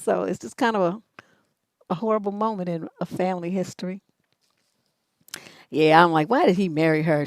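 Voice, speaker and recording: A woman's voice: a little high, dry recording. A middle-aged woman hosting a live advice show, telling stories bluntly and profanely, then reading out viewer questions. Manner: blunt, profane, animated storytelling with laughs.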